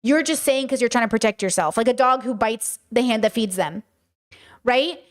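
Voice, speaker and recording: A woman in her thirties with an American accent, hosting a casual podcast monologue, animated and swearing often as she acts out her own reactions. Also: fairly high pitch, moderate pace. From United States. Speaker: podcast host.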